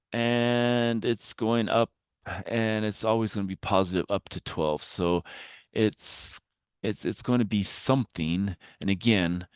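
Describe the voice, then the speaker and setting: Guy explaining calculus step by step, lots of uhs, deep smooth voice, dry close sound. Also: no room sound. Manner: thinking aloud with many fillers. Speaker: math teacher. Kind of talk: recorded math lecture.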